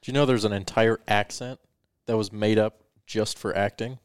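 A man with a low, smooth and resonant voice, chatting casually and explaining at an easy pace. The sound is dry and close to the mic. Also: steady tone, normal speed, dry recording. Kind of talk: casual chat.

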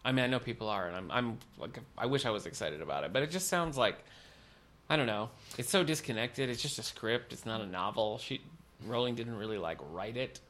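A man's voice: medium pitch, lively intonation, fairly quick, fairly bright tone. A man co-hosting a casual chat, answering with dry, sarcastic quips. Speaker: podcast co-host.

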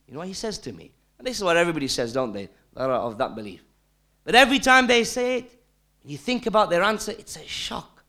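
A male preacher giving a sermon, emphatic and full of rhetorical questions, dropping to hushed tones and rising again. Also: sits high, big pitch swings, quick pace. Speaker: Islamic preacher.

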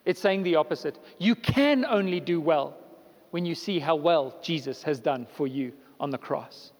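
A man with a notably high voice delivers a sermon as pastor, pressing his points through repeated, building lines. His voice carries a long reverb, as if spoken in a large church sanctuary. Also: lively intonation, normal speed. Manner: preaching with rising emphatic repetition.

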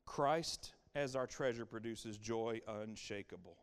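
Speaking smoothly and without hurry, this middle-aged pastor has a voice on the low side. His sermon repeats key points emphatically, falling to near-whispers and rising to loud exclamations.

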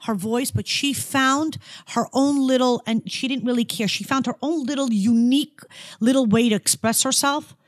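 A woman's voice: sits high, moderate pace, no room sound. Gushing, emotional woman in her forties. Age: 40s. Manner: gushing, emotional, dramatic storyteller. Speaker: podcast co-host. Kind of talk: casual chat.

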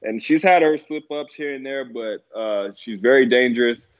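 Casual man, mid pitch, relaxed filler-heavy podcast talk, dull lo-fi sound. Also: moderate pace. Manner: laid-back, many fillers, laughs easily. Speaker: guest analyst. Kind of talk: casual podcast chat about fights.

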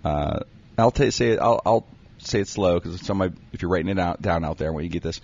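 Husky low-voiced man riffing comedically. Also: fast, a little mellow. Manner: rambling, jokey, breaks into laughter. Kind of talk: comedic banter, reading a recipe aloud. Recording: dull lo-fi recording.

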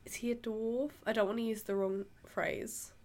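A woman's voice: a little high, level tone, normal speed, darkish tone. A woman co-hosting a podcast, chatting casually and giggling through a film review with lots of fillers. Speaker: podcast co-host.

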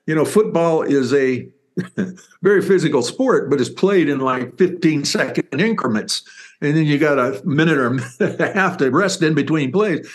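An older man, a former football player and author, telling stories in an interview with animated, rambling enthusiasm. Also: on the high side, moderate pace. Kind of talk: interview storytelling.

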